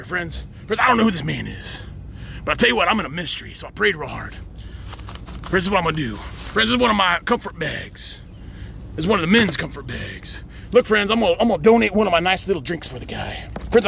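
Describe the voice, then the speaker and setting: A man's voice: high voice, gravelly, sharp tone, slight background noise. A man vlogging outdoors at a cemetery in a folksy way, working "friends" into nearly every sentence. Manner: folksy, says "friends" constantly. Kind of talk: outdoor character vlog.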